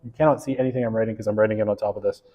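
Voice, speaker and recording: A man's voice: fairly low pitch, fairly even intonation, very fast, in a large hall, narrow, tinny audio. A man gives a casual, joking sociology lecture, full of fillers and tag questions like "right?". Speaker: sociology instructor. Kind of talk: recorded university lecture.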